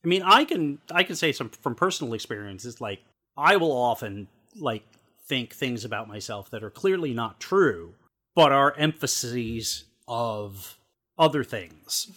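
A man's voice: mid-range voice, animated, a little slow, bright, forceful tone. Male co-host, middle voice, rambling casual chat with restarts. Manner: rambling, repeats words as he starts sentences. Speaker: podcast co-host. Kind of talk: casual discussion of a TV episode.

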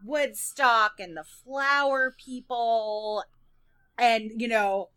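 A woman's voice: a little high, drawn-out words, sharp tone, clear, resonant tone. A woman co-hosting a podcast, chatting casually and gushing with enthusiasm. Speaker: podcast co-host. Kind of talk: casual chat.

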